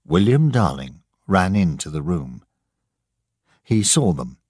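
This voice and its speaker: A man narrating a story slowly and deliberately for English learners. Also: low voice, sing-song, darkish tone, dry recording, clean studio sound. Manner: slow, clear, deliberate reading.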